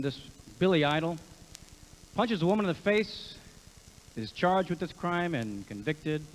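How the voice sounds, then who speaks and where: A man doing a stand-up comedy set as an impressionist, brash and quick with his jokes and given to cursing. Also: medium pitch, big-room sound, a little hiss or hum, low-quality recording.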